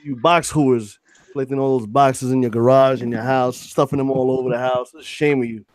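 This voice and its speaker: A man on a casual collectors' panel, loud, profane and joking. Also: medium pitch, fairly even intonation, a little fast, no echo. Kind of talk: casual chat.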